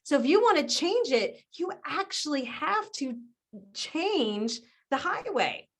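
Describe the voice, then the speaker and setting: A woman guest on a podcast interview, explaining ideas in an animated way, often laughing and acting out other people's voices. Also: high-pitched, slow pace. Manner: animated, acts out quoted voices. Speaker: guest business strategist.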